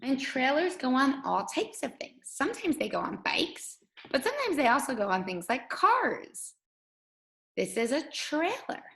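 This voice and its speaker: Slow, sing-song woman teacher. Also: high-pitched, sing-song, a bit bright, low-quality recording. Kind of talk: guided reading lesson for young children.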